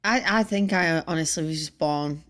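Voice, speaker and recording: A woman's voice: low voice, normal speed, fairly bright tone. Chatty English woman singer. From England. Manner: chatty, many filler "like"s. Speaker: guest musician. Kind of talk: casual interview chat.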